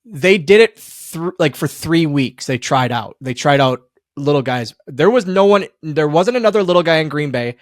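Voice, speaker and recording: A podcast host tells stories in a casual, animated interview chat, laughing often. His voice is fairly high and moderately paced, recorded at studio quality with no echo.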